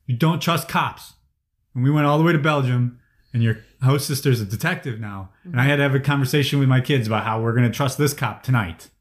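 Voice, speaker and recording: A man's voice: medium pitch, brisk. A man ranting angrily in casual conversation, swearing heavily as he vents. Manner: angry, profane ranting. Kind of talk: casual chat.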